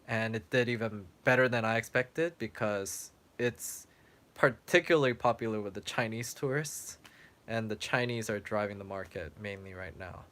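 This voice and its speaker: A young man who runs a travel vlog is chatting casually on a livestream, fielding viewer questions with plenty of fillers. His voice sits on the low side, a bit bright and smooth, but it's wearing out as he loses it and keeps clearing his throat.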